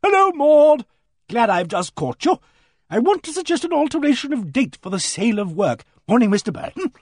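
A man voicing a hearty, brisk village woman who booms out her words. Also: sing-song, a little mellow, husky, no echo, clean studio sound, full character voice.

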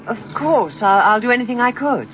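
A woman's voice: fairly high pitch, animated, brisk, a bit bright, a little hiss or hum. An actress playing a poised, wary woman writer in a radio drama, speaking in refined, clipped tones. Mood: polite, guarded. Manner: refined, clipped speech with nervous stammers. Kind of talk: 1970s radio drama acting. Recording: dull lo-fi radio recording.

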